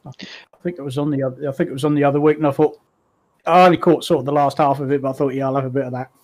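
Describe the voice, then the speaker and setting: A man's voice: mid-range voice, very fast. A man, hosting a casual online voice chat, telling stories and laughing often. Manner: lively, laughs often, slangy storyteller.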